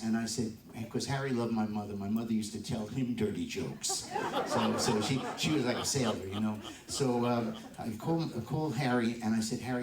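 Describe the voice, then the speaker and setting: A man's voice: fairly low pitch, a little mellow. A man in his seventies, a bandleader and drummer, telling chatty stories to a live audience and laughing often. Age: 70s. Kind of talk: on-stage storytelling to a live audience. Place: live music venue. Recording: echoey room, distant mic.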